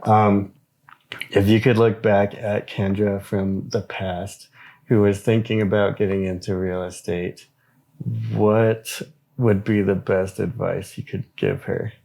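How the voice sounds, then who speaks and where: A man hosting a casual podcast interview, briskly asking questions and saying "okay" between them. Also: fairly low pitch, level tone, creaky, dark tone, no room sound. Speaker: podcast host.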